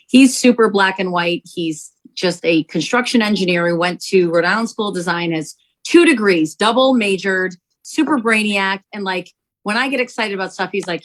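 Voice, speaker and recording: A woman, a company founder, telling an animated testimonial story to sell her product, acting out quotes as she goes. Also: mid-range voice, moderate pace, poor audio. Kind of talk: testimonial sales pitch.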